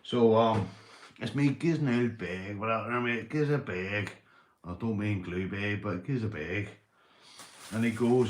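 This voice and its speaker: In an echoey room with a bit of background noise, a beer-tipsy Northern Irish man hosts a meandering livestream, boisterous, swearing and laughing plenty. He talks at a measured pace in a lowish voice.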